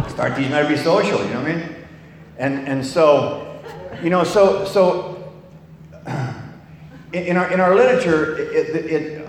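A man's voice: on the high side, slight background noise. Older male speaker, rambling salty testimony, echoing hall with long reverb. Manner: rambling, salty, with many restarts. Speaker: recovery meeting speaker. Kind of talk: personal testimony talk.

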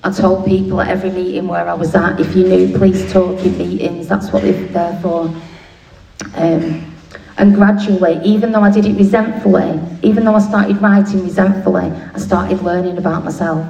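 A woman telling her recovery story with blunt, swearing, self-mocking humour. Her voice is mellow and dark. It sounds like a roomy hall picked up from a distance, with a faint hiss under it. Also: lowish voice, steady tone, normal speed, gravelly, highs cut off. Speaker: speaker sharing at a recovery meeting. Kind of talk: candid comic recovery share. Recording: echoey room, distant mic, faint noise.

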